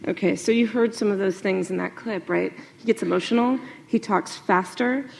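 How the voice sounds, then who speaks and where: A woman journalist giving a lively talk to an audience, animated, with many fillers and asides. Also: medium pitch, normal speed, creaky.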